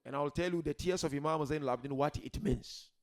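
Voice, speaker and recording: A man preaching a sermon to a gathering, swinging from soft pleading to loud shouted emphasis, asking rhetorical questions and repeating key words. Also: a little high, fast.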